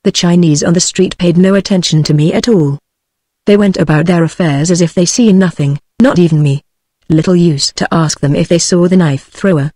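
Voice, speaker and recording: A text-to-speech woman's voice with a British English accent, reading a book aloud in an even, synthetic manner. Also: lowish voice, normal speed, no echo, studio quality. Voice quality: synthetic, evenly paced. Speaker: audiobook narrator.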